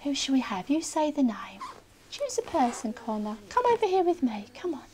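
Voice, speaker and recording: A woman's voice: sits high, sing-song, moderate pace, background noise. A woman primary school teacher, eager and agreeable, talking with children and then about her lesson. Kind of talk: classroom talk and feedback chat.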